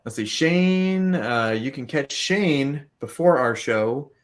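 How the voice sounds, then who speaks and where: A man's voice: mid-range voice, lively intonation, slow pace. A man hosting a casual podcast, easygoing and a bit hesitant, with plenty of ums. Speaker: podcast host.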